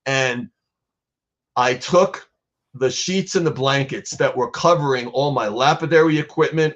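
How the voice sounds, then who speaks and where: In dull audio, a man with a slightly high voice talks about his art program as an interviewed guest artist. He is earnest throughout and grows emotional as he recounts something personal.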